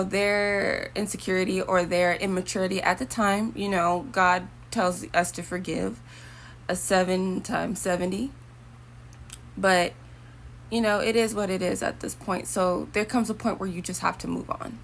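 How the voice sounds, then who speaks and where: A woman's voice: on the low side, gravelly, a little hiss or hum. A young woman talking casually to her viewers, rambling and chatty with preachy asides. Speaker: vlogger. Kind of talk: casual talk to camera.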